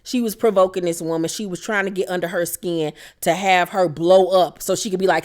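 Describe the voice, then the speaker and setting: A woman's voice: fairly low pitch, moderate pace. A woman doing a casual, profane reality TV recap, blunt and sassy, who laughs and mimics the cast.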